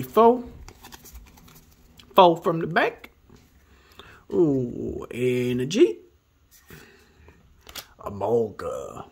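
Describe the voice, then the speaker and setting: Man, husky voice, animated pitch, casual card-opening chat, excitable hype. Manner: excitable, reads card names aloud, hypes himself up. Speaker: host opening card packs.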